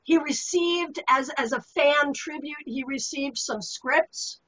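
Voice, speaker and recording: A woman hosting a talk show in casual chat, lively and upbeat. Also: sits high, slow pace, highs cut off.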